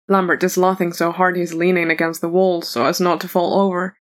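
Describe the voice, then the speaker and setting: A woman reading a fan story aloud as a narrator, in an even storytelling manner. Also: on the low side, a little fast, few pauses.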